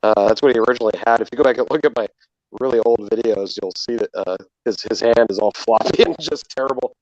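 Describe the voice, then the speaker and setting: A man's voice: medium pitch, darkish tone, dry recording. Man on a dull, robotic phone mic. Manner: unhurried, explains things with fillers. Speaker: fellow puppeteer calling in. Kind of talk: casual chat. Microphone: phone while out and about.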